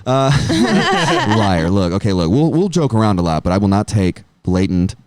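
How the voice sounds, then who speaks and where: Low, animated male podcast host. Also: normal speed, dry recording. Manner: rambling, profane, jokey. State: getting tipsy from beer. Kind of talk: casual chat.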